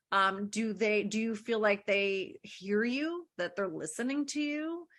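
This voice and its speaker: A woman's voice: medium pitch, pushed and bright. A middle-aged woman, a divorce lawyer, answering interview questions earnestly, often posing rhetorical questions.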